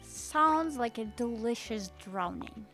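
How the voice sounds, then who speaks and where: Slow-talking amused woman streamer. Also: on the high side, animated, sharp tone, faint music behind. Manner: amused, giggly. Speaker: streamer playing a game. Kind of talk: casual commentary.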